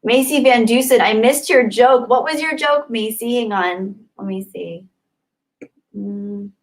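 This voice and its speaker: A woman's voice: a little high, unhurried. Bubbly young woman chatting on a livestream. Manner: bubbly, gushing and excitable; chatty, thinks aloud while reading the chat. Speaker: livestream host. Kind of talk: casual live chat, reading super chats.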